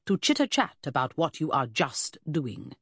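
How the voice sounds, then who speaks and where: A woman reading an audiobook puts on an arrogant Victorian gentleman detective who clips each word with icy precision. The voice sits low, commanding and scornful, recorded dry and close. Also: very animated, moderate pace, creaky, husky, no room sound, exaggerated voice. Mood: imperious. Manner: cutting, precise, imperious. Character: haughty, sharp-tongued Victorian male detective. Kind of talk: audiobook character voice.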